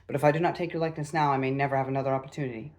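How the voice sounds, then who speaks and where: Male reader voicing a reserved, proud gentleman, grave delivery. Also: mid-range voice, fairly even intonation, rapid-fire, natural voice.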